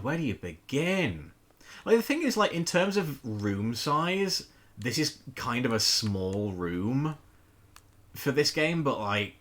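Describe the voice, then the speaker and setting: A playful man streaming a game live, his voice bouncing all over with lively pitch. The tone is bright and forward. He jokes, greets his chat and swears casually as he plays.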